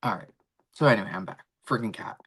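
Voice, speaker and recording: A woman's voice: extremely low pitch, quick pace, fairly bright tone, breathy edge. A middle-aged woman with a Philadelphia accent from Kensington, rambling in casual chat as host of her own show. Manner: rambling, chatty, talks to her pets mid-stream. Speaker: vlog host.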